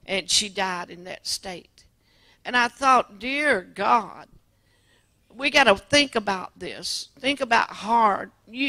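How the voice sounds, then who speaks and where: Gravelly, bright-voiced woman preacher. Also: a little high, no room sound. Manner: earnest storytelling with frequent restarts. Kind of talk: testimony sermon.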